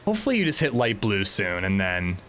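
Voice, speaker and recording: A man's voice: fairly low pitch, wildly swooping pitch, a little fast, a bit bright, a little hiss or hum. A male streamer chatting casually while gaming, swearing lightly and laughing easily.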